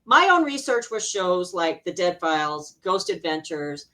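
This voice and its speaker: A middle-aged woman from Arizona, an intuitive healer guesting on an interview show, telling a personal story in an animated way, laughing often and acting out remembered voices. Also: lowish voice, a little slow. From Arizona, USA.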